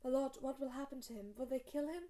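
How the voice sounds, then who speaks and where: A woman's voice: high voice, quick pace, warm tone, voice pushed up, natural voice. A woman reading aloud, voicing an earnest, troubled young man in her own voice. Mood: upset.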